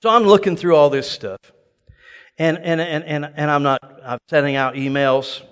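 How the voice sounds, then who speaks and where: A man preaching a sermon, telling a personal story with lively bursts of loud exclamation and laughter before a congregation. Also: a little high, moderate pace, clean tone. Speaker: pastor. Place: large church hall before a live congregation. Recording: long reverb of a large hall.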